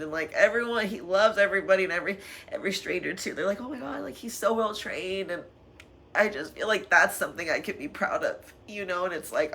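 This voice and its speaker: A woman's voice: low voice, a bit bright. A young adult woman talking candidly in a personal vlog, rambling with fillers, emotional and sometimes laughing through tears. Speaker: vlogger.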